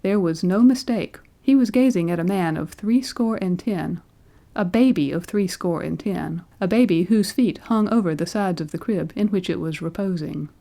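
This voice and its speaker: A woman narrating a classic story as an audiobook, in a measured, expressive reading. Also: lowish voice. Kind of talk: scripted literary narration.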